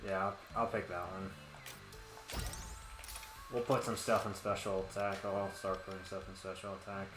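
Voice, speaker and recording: A man's voice: deep voice, little pitch movement, moderate pace. A man playing a co-op game with a friend, chatting in an offhand, laid-back way with casual swearing. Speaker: co-op player. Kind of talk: casual co-op gameplay commentary. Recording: echoey room, faint game music.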